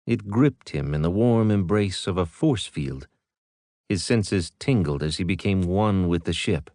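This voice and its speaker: A man narrating an audiobook in a steady storytelling manner. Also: low voice, a little slow, no echo, clean studio sound. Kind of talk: scripted narration.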